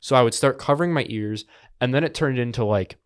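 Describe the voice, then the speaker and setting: A man's voice: medium pitch, fairly quick, clear, resonant tone. A young man on a podcast, recounting a frightening experience in earnest casual chat. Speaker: podcast co-host.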